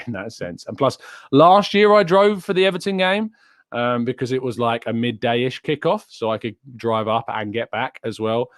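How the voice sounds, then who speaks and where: A man's voice: medium pitch, no room sound. Male live-stream host from England, young, casual and rambling, close and dry. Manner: rambling, chatty, many fillers and restarts. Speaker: podcast host. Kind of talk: live-stream chat reading viewer questions.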